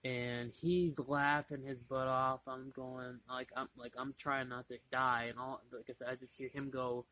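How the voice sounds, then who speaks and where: A man hosting a casual chat, telling a story in an animated way and laughing often. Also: mid-range voice, measured pace, few pauses, poor audio. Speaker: channel host.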